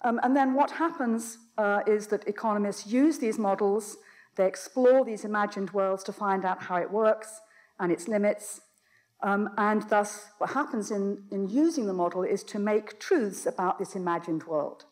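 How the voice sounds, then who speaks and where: Woman lecturer, voice strained and fading in and out, halting delivery full of ums, mid-range pitch. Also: a little mellow. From Britain. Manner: hesitant, many ums and restarts. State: voice strained, coming and going. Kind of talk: academic lecture. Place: lecture hall.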